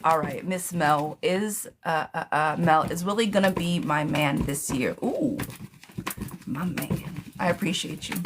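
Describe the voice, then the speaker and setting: A woman with a low voice hosts a live tarot stream, chatting casually and affectionately and showering viewers with pet names. She's animated, talking fast in bursts and laughing often, with background noise audible.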